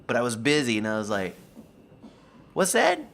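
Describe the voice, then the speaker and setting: A man's voice: on the low side, rapid-fire, a bit bright, a little hiss or hum. A man streaming live, chatting casually and rambling through a story while acting out the voices of the people in it. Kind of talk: casual chat on a livestream.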